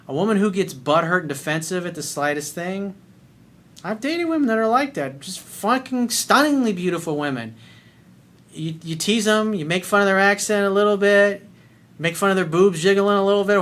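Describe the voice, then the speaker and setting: A man's voice: a little high, fairly bright tone. Blunt, profane male dating coach. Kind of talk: video coaching monologue.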